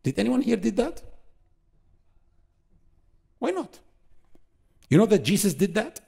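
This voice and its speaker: A man giving a religious lesson to an audience, animated and full of rhetorical questions, acting out quotes. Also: high-pitched, measured pace, vocal fry, breathy edge. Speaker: Islamic lecturer.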